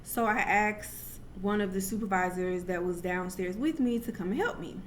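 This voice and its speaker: A woman's voice: medium pitch, normal speed, a little hiss or hum. A young adult woman telling a personal story to camera in a casual, chatty way, full of asides and restarts. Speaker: vlogger.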